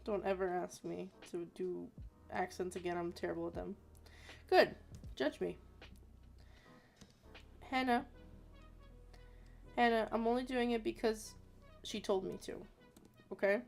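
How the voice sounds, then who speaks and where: A woman's voice: mid-range voice, fairly even intonation, a little slow, creaky, long pauses, soft background music. A woman in her thirties, an artist chatting casually with viewers while drawing, rambling and self-deprecating. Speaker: artist hosting a chat stream.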